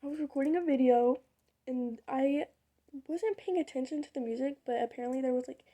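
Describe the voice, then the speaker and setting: A woman's voice: high voice, a little fast, warm tone. A young woman telling a rambling, candid story in casual vlog style while doing her makeup, with muttered side remarks. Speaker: vlogger.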